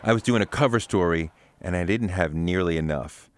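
A man's voice: low voice, fairly quick, slight background noise. A man narrating his own memoir as an audiobook in a wry, conversational storytelling manner.

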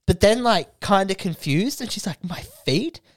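A man's voice: sits high, expressive, moderate pace, no echo. A man hosting a podcast, telling crude stories with lots of swearing and laughter. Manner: storytelling, laughs at own jokes, swears. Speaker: podcast host. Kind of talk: crude casual banter.

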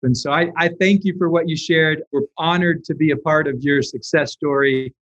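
A man's voice: a little high, steady tone, moderate pace, a bit bright, dull audio. A male interview guest explaining business ideas in an earnest way, often repeating words as he starts his sentences. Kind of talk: conversational interview.

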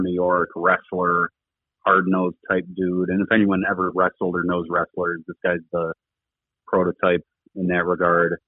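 A man's voice: deep voice, husky, no echo. A middle-aged man, a former coach, talking earnestly in a rambling interview with lots of fillers. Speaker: former rugby coach, podcast guest. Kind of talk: casual conversational interview talk. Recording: tinny phone-line audio, dry.

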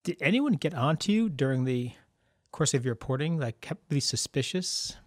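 A man's voice: fairly high pitch, expressive, normal speed, dry recording, clean studio sound. A man hosting an interview, asking questions in a friendly, chatty way. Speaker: host. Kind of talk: interview conversation.

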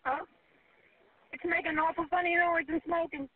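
A woman's voice: very high voice, fairly even intonation, normal speed, no room sound. A woman, panicked and crying as she pleads with a 911 operator. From United States. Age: 40s. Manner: pleading, breathless nervous laughter. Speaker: 911 caller. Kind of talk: emergency phone call. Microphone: phone. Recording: tinny phone line.

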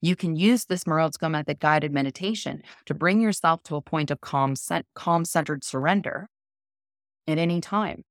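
A woman guest on a podcast interview, explaining a method in a calm, measured, coaching tone. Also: sits low, no echo, studio quality. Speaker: guest, cold immersion method founder.

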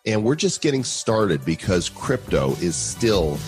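A man co-hosting a podcast in relaxed, chatty talk with frequent fillers. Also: low-pitched, unhurried, faint music behind. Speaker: podcast co-host. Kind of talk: casual podcast chat.

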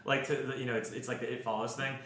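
A man's voice: mid-range voice, level tone, quick pace, fairly bright tone. A man co-hosting a book podcast, thinking aloud in a reflective way. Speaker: podcast co-host. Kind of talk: casual chat. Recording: roomy echo.

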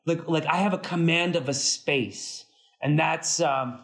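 A man being interviewed about his acting work, telling stories in a lively, chatty way and acting out quoted dialogue. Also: gravelly. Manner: animated, acts out quoted dialogue with big pitch jumps; frequent fillers and restarts, fast bursts. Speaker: actor, interview guest. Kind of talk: casual interview storytelling.

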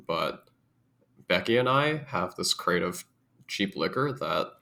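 A man's voice: deep voice, lively intonation, slow, vocal fry, pushed and bright, heavily acted. A man voicing a shifty teenage boy who mumbles in a conspiratorial way, in a comedic tabletop game.

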